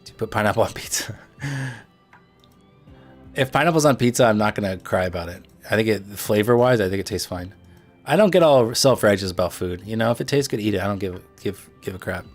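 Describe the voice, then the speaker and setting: A young livestream host from the Midwest with a Chicago accent rambles casually to viewers in a low voice, with lively intonation and a fairly quick pace. He's loose and chatty, blunt in his asides, and fills gaps with "like" and "um", while faint music plays behind him.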